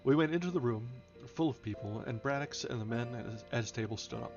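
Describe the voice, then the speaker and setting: A man reads a novel fast on a livestream in a mid-range, darkish voice with vocal fry. The dull lo-fi audio has faint music in the background, and he occasionally stumbles on foreign names before correcting himself.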